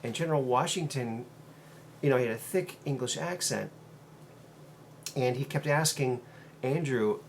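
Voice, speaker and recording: A man at an ordinary middle pitch talks through a long tale in a rambling, unscripted way. He stops often on um and uh, then picks the thread back up. His delivery stays casual, like a solo host talking straight to his viewers. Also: vocal fry, slight background noise. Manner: meandering, halting, frequent um and uh fillers. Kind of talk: casual monologue retelling a story.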